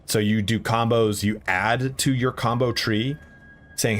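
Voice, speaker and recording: A man streams a video game, chatting casually with viewers in live commentary and swearing whenever the game beats him. His mid-range voice is steady and unhurried, with faint game music and slight background noise behind him.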